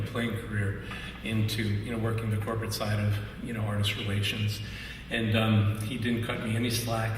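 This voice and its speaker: A man giving a memorial tribute speech, telling a story animatedly and laughing often. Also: fairly low pitch. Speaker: music industry artist relations rep. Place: memorial gathering in a large hall. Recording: echoey hall from far off, noisy.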